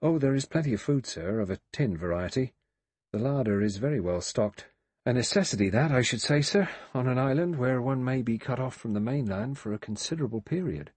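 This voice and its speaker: A man's voice: medium pitch, animated, fairly quick, a little mellow, husky, dry recording, voice pushed up. A man voicing an anxious, deferential male butler in an audiobook, polite and worried.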